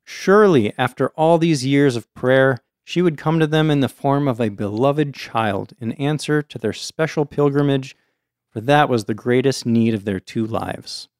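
A storyteller host reads an old folktale in a casual podcast style, reading steadily but breaking off now and then for friendly, chatty asides. His smooth, resonant, middle-pitched voice is a little mellow, moves at normal speed, and is recorded close and dry with no room sound.

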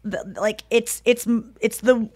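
A woman's voice: fairly high pitch, takes it slowly, no room sound. Chatty woman host, dry close mic. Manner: animated storytelling, acting out quotes. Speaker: podcast host. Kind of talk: casual chat.

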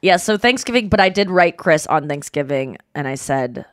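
A woman's voice: deep voice, moderate pace. Chatty woman telling a story. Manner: animated storyteller, many fillers and restarts. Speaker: podcast host. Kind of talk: casual chat.

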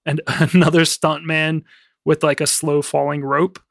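A man co-hosting a film podcast in casual chat, rambling with lots of fillers and quick laughs. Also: fairly high pitch, little pitch movement, gravelly, no room sound, studio quality. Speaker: podcast co-host.

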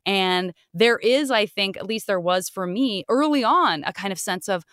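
A woman co-hosting a podcast and chatting casually, animated and talkative, her voice jumping high when she gets excited. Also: measured pace, few pauses, dry recording, studio quality. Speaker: podcast co-host and voice actor. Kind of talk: casual chat.

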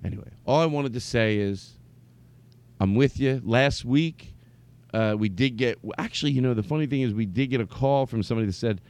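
A man hosting a comedy podcast, rambling through an improvised monologue and slipping between mock anger and silly falsetto singing. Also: fairly quick, a little mellow, no room sound.

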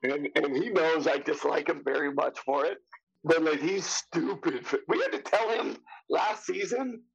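A man in his fifties with a gravelly, raspy, fairly high voice tells an animated story, slipping into the voices of the people he quotes. The sound is dull and lo-fi. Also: normal speed. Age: 50s. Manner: animated, acts out quotes of others, casual swearing. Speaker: actor guest. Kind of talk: casual anecdotal storytelling.

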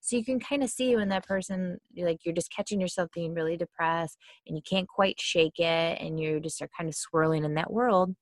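A woman with a lowish voice talks casually about mindsets, leaning on fillers like "kinda" and slipping into little acted complaints. The sound is close and dry, with no room around it. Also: brisk, hardly any pauses, no echo. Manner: chatty, many fillers, acts out quoted complaints. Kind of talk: casual explanatory talk.

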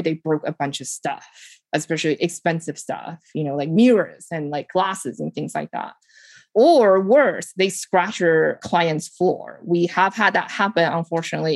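Lively woman podcaster with a low voice. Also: no echo. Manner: lively, animated delivery with frequent "like" and "you know". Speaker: podcast host and home staging business owner. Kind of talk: casual advice podcast, answering listener questions.

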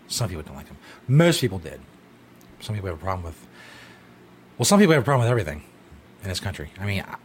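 A man hosting a podcast who rants loosely and swears often. His voice sits at an ordinary pitch, and his commentary stays casual and offhand. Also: slight background noise. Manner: profane, ranting commentary. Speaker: podcast host.

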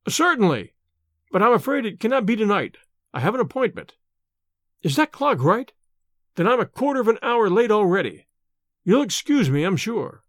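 A jittery young student, as a male storyteller puts him on, pitched up and stammering through hurried excuses. The reading is close and dry. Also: big pitch swings, fairly bright tone, dry recording. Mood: nervous, evasive.

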